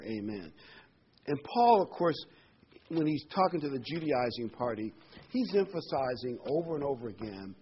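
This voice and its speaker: A man's voice: mid-range voice, slightly rough. A man pastor giving a conversational sermon, asking rhetorical questions and adding fillers. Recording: slightly dull recording with faint noise.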